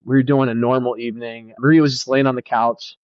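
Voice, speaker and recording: A pastor with a medium-pitched voice tells a personal story on a podcast at a quick pace, with flat delivery and a clean tone. He is earnest and reflective, circling back and restarting phrases. The sound is dull, a little lo-fi, close and dry with no room sound.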